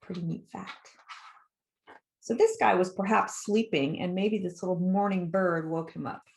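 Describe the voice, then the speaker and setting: A middle-aged woman, a children's author, reading her picture book aloud to kids in a lively, encouraging way and asking them questions. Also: lowish voice, moderate pace, gravelly. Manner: lively, animated and encouraging, with questions put to young listeners. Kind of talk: read-aloud storytime for kids.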